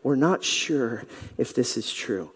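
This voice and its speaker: A pastor voicing skeptical religious leaders who talk in a doubtful, hesitant way. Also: male voice, medium pitch, animated, slow, husky, pitched below the performer's own voice. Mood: suspicious. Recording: reverberant church hall.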